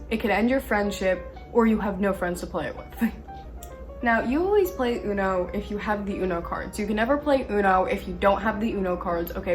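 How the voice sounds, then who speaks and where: A woman vlogger chatting casually, laughing often and getting animated when she retells arguments. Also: mid-range voice. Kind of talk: casual chat.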